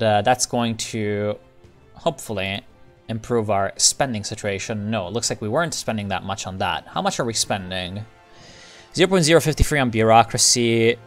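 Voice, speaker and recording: A man giving casual, rambling commentary over a strategy game, often breaking off mid-sentence and swearing. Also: mid-range voice. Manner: rambling, self-interrupting, swears, laughs often. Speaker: game streamer.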